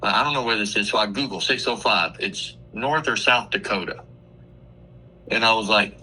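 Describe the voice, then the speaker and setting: A man, a comedian guest on a radio show, telling a crude, profane story in a casual, animated way. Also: lowish voice, moderate pace, breathy edge, low-quality recording. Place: radio studio.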